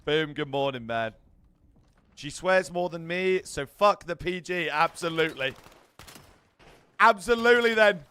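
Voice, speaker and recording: A man's voice: fairly high pitch, a little slow, bright, forceful tone, clean tone. A young British man streaming a watch party, chatting casually with his viewers, brash and full of swearing. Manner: brash, swears a lot, banters with chat.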